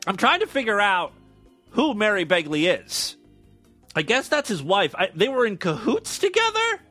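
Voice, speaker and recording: A sarcastic male host with a high voice rips through news items on a comedy show. His pitch swoops up and down as he breaks off reading to crack crude jokes. Faint music plays behind him. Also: huge pitch swings, moderate pace, bright, forceful tone. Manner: sarcastic, crude, reads news aloud with blunt asides. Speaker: podcast host.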